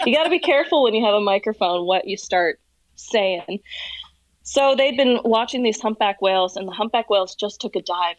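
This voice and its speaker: A woman's voice: medium pitch, no echo, muffled recording. A woman working as a whale watching tour guide, guest on a casual podcast, telling stories with lots of laughter. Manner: animated storyteller, laughs often. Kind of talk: casual chat, storytelling.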